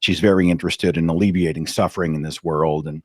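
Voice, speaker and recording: A man telling a personal story in a dramatic, animated way, as a guest on an interview. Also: low voice, fast, breathy edge, no room sound, studio quality. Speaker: podcast host, guest. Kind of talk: anecdotal storytelling.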